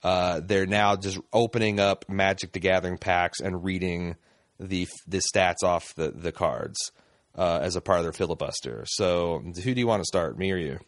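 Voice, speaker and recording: A man co-hosting a podcast in loose, rambling chat, leaning on fillers as he goes. His voice sits low, and the recording is dry and close. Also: normal speed, no echo. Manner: rambling, frequent fillers and laughs. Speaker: podcast co-host.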